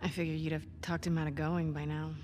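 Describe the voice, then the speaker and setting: An actress voicing a subdued, defensive game character. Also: female voice, low voice, flat delivery, fast, warm tone, slight background noise, close to an everyday voice.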